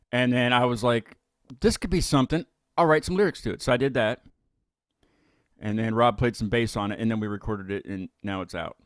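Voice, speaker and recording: A man's voice: mid-range voice, fairly bright tone, smooth, no room sound, studio quality. A man hosting a live music talk show, chatting casually and rambling with frequent restarts and fillers. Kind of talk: casual live-stream chat.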